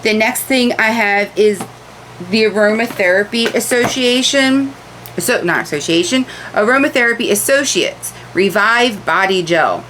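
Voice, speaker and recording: A woman's voice: mid-range voice, fairly bright tone, a little hiss or hum, low-quality recording. A woman chatting casually as she unboxes beauty products, candid and repeating words for emphasis, in a room lit by a ring light. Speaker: beauty vlogger.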